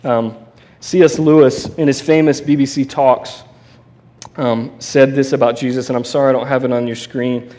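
A man preaching a sermon in a conversational, animated way, with restarts and asides. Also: mid-range voice, normal speed. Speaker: pastor.

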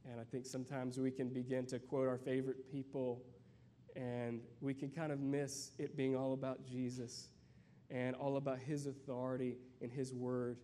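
A man giving a sermon as a guest preacher, conversational and searching, with many fillers and restarts, and reading scripture slowly. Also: medium pitch, level tone, warm tone, slight background noise.

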